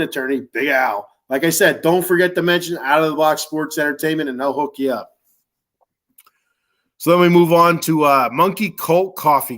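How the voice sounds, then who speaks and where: A man's voice: a little high, a bit bright. A man hosting a sports podcast, reading sponsor ads in a rambling, joking way with lots of fillers. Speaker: podcast host. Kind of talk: casual sponsor reads.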